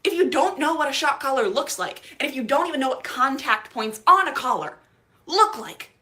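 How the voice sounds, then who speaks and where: Woman, animated pitch, exasperated, profane, casual rant. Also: normal speed. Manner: profane, exasperated, laughing ranting. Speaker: TikTok commentator. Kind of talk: casual ranting commentary.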